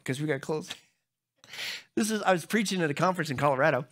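A middle-aged man preaching a sermon as pastor, telling funny stories to the congregation and jumping into high voices when he acts out other people. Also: fast talker. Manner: humorous storytelling, talks to the crowd; animated, jumps into high squeaky voices when acting out others.

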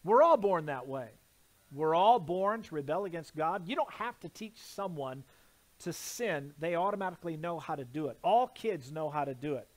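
Emphatic high-voiced pastor preaching. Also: male voice, animated, moderate pace. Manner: emphatic, repeats phrases and asks the congregation questions. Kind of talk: sermon. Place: church sanctuary.

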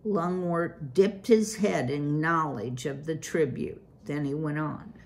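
Slow, gravelly woman reading a story. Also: sits low, darkish tone. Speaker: storyteller reading a children's book. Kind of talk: read-aloud storytelling.

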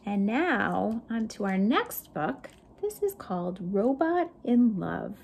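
A woman's voice: very animated, slow, vocal fry, darkish tone, slight background noise. A woman librarian reading picture books aloud to children, chatting with them playfully and voicing the sound effects. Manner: playful, chats with young listeners; voices sound effects with big pitch jumps. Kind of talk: children's storytime read-aloud.

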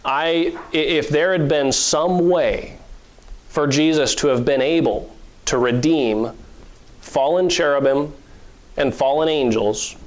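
A male pastor preaching a sermon in an earnest, conversational way, with fillers and soft chuckles. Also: medium pitch.

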